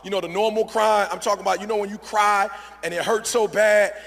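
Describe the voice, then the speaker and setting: A man's voice: high-pitched, fairly even intonation, fairly quick, gravelly, fairly bright tone. A man giving a motivational speech to a live audience in an event hall, emphatic and repetitive, often checking in with the crowd. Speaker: motivational speaker. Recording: echoey large hall.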